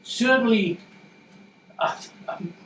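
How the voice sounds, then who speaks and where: A man's voice: very high-pitched, takes it slowly, a bit bright, slight background noise. A man hosting a book launch, talking in a rambling, jokey way with lots of restarts. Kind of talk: casual public remarks. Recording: echoey room from far off.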